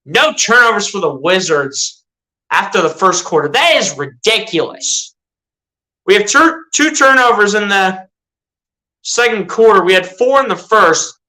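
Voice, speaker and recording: At a measured pace, an animated fan with a bright, forceful medium-pitched voice gives live basketball commentary on a low-quality recording. His exasperation shows in rhetorical questions aimed at the team, and he chats on, often fixing or repeating what he just said.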